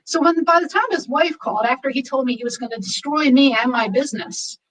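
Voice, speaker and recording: A woman's voice: sits high, fast, recorded from a distance, low-quality recording. A woman who owns a massage studio, casually telling a story and acting out what people said. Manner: animated, quotes people in lively voices.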